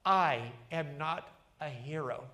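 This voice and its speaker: High-voiced, slow-speaking pastor. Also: male voice. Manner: earnest, dramatic storytelling, dropping to a hush on key lines. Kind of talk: sermon. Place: church livestream.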